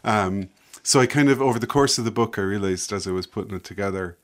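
A man's voice: lowish voice, fast talker. A man talking reflectively as a guest about his book, often hesitating and laughing. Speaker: author and guest. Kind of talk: casual conversation.

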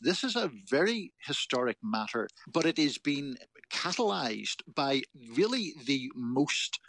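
A man giving measured, analytical news commentary as a political columnist. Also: fairly high pitch, very animated, gravelly, a bit bright, slight background noise, poor audio.

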